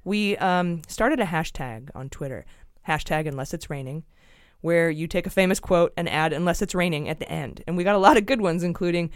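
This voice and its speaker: Podcast host, woman: chatty, wry, smooth clean tone, close dry mic. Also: lowish voice, fairly quick, dry recording. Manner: chatty and wry, with frequent laughs. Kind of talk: casual podcast banter.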